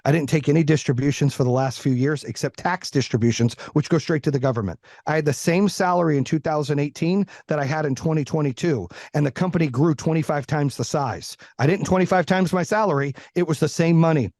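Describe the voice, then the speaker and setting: A man's voice: a little high, fast, hardly any pauses, no room sound, clean studio sound. A middle-aged man talking candidly as a podcast guest, blunt and heavy on swearing. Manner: blunt, profane, animated. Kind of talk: candid interview talk.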